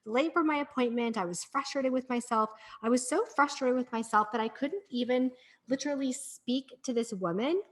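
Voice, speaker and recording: A woman's voice: high-pitched, normal speed. A middle-aged woman, a breathwork practitioner, talking as a podcast guest in an earnest, encouraging storytelling manner. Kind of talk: casual podcast conversation.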